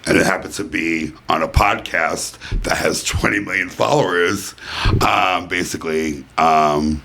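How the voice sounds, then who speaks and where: A man's voice: deep voice, a little slow, creaky, pushed and bright. A middle-aged man hosting a casual home podcast, rambling and chatty, full of "basically" and "you know". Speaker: podcast host. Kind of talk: casual chat. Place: white-furnished room at home.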